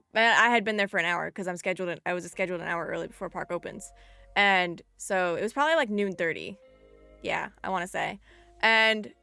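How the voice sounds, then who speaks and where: Bright, chatty young woman streamer. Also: lowish voice, gravelly, clean tone. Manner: animated, chatty, full of "like". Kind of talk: casual storytelling to a live stream.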